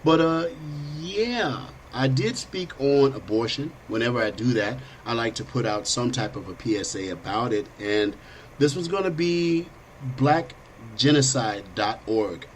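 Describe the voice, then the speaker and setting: A man's voice: mid-range voice, expressive, measured pace, poor audio. A middle-aged man hosting a political talk show, blunt and rambling in a conversational way. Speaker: host. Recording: faint background noise.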